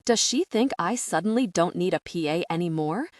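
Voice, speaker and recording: A woman's voice: on the low side, expressive, normal speed, no echo, studio quality, natural voice. A woman reading the lines of a bossy, bad-tempered businessman in an audiobook, curt and demanding as he barks orders.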